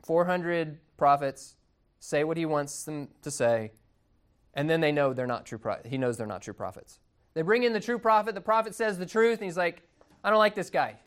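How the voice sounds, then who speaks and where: A man's voice: on the high side, expressive, normal speed, clean tone. A man preaching a sermon in a conversational, amused storytelling manner.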